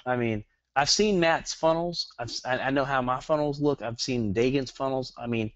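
A middle-aged man with a Southern US accent giving a webinar lesson, talking fast and rambling with jokes. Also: mid-range voice, no echo. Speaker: guest webinar trainer. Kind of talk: online marketing webinar. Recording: dull lo-fi dry webinar audio.

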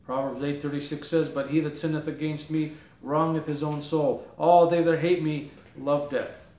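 A man's voice: on the high side, little pitch movement, moderate pace, a little mellow, echoey room. A man preaching a sermon as pastor, emphatic, firing rhetorical questions and voicing mock objections. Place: church.

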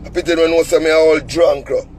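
A man's voice: on the high side, steady tone, brisk, a little mellow, slight background noise, poor audio. A Jamaican man telling a story as an angry, cussing rant in heavy patois, sitting in a car. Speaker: vlogger.

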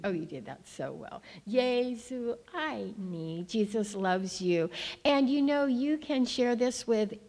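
Missionary lady teaching the whole church like it's kids' time, high voice, unhurried, coaxing. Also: warm tone, in a large hall. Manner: playful, coaxing, repeat-after-me teaching. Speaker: guest missionary speaker. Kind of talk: children's-moment lesson in church. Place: church sanctuary.

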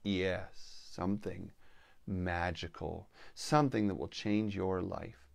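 A man voicing a sly wild female mountain lion, a mother, in a coaxing, hushed, low way in a spoken story. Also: fairly even intonation, slow pace, vocal fry, no echo, full character voice.

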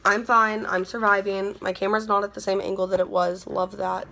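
A woman's voice: mid-range voice, level tone, fairly quick, vocal fry, sharp tone. A young woman chatting casually while unboxing beauty products at home, bubbly and gushing, often repeating herself. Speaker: beauty vlogger. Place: indoors at home.

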